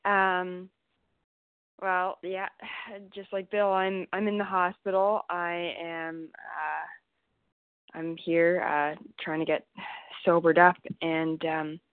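A woman from Canada sharing her story at a recovery meeting, halting, with many fillers and restarts. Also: lowish voice, little pitch movement, no echo. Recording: tinny phone-line call audio.

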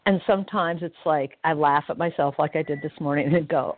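Low-voiced woman on a tinny phone line. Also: no echo. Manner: reflective, self-mocking, halting. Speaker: member sharing at a phone meeting. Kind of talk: recovery meeting share.

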